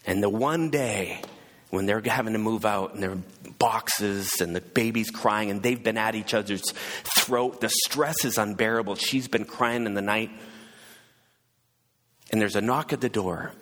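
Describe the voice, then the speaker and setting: Husky man preaching in a reverberant hall. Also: fairly low pitch, unhurried, a bit bright. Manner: acts out voices in the story, rising to fervent emphasis. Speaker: pastor. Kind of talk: sermon storytelling.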